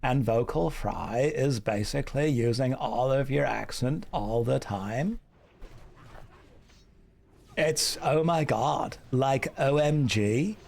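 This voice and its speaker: A man voicing a young female valley girl with heavy vocal fry and a slow, dragged-out drawl. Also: medium pitch, a little mellow.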